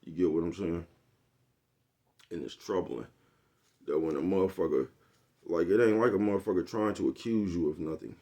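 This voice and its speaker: A man with a deep, low voice rambles through a casual monologue to his viewers. He swears freely and keeps asking whether they know what he is talking about. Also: normal speed, pauses often, dark tone. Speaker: vlogger.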